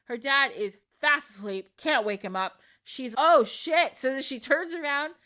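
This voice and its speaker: A young woman hosting a podcast, retelling a fairy tale in an animated, casual way, swearing freely and acting out the quotes. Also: high-pitched, moderate pace. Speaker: podcast host. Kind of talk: casual storytelling.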